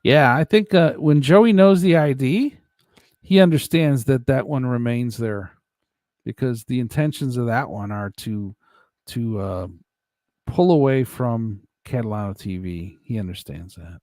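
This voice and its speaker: A man's voice: medium pitch, measured pace, darkish tone, no room sound, clean studio sound. A man hosting a casual livestream, rambling and joking as he reads viewer comments. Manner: rambling, joking, laughs often. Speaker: livestream host reading chat. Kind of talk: casual chat.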